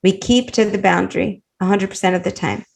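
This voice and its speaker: A woman coach teaching a live online class over a video call, animated and warm, laughing often as she encourages her students. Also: medium pitch, brisk, creaky. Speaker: women's life coach and teacher.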